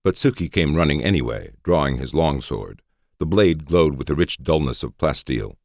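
Very deep, gravelly male narrator. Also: normal speed, no echo, studio quality. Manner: steady storytelling. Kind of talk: audiobook narration.

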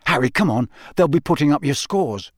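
A man reading the part of an excitable teenage boy wizard who rambles eagerly to his best friend in an audiobook. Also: fairly high pitch, fairly quick, no echo, clean studio sound.

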